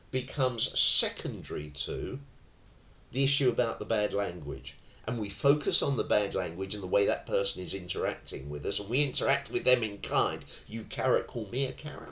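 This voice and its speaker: A middle-aged man teaching tai chi, telling anecdotes and acting out the voices in them. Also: lowish voice. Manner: animated storyteller who acts out voices.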